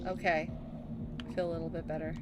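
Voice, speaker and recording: A woman's voice: sits low, flat delivery, quick pace, very noisy. A woman in her thirties streaming a video game, chatting and reminiscing casually and laughing easily. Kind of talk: casual gaming stream chat. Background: game music.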